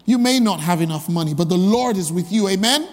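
A man's voice: high voice, expressive, fairly quick, long reverb tail. A male pastor preaching a sermon, emphatic and full of rhetorical repeated questions.

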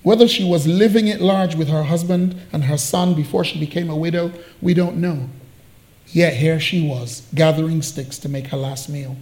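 A man's voice: a little high, fairly even intonation, moderate pace, darkish tone. A man preaching a sermon, telling a story with playful asides and jokes.

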